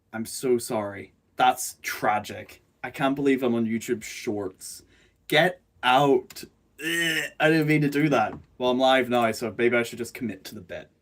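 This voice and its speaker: A man chatting casually on a live stream from his bedroom, self-mocking, jokey and rambling, speaking into a phone rather than a proper microphone. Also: medium pitch. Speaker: streamer and animator. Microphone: phone, not a proper microphone.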